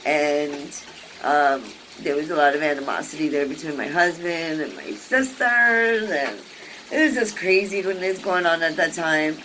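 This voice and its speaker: A woman's voice: low voice, unhurried, slight background noise, poor audio. A woman vlogger telling a personal story in a casual, rambling way, full of fillers and restarts and acting out what people said. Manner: lively, acts out quoted people.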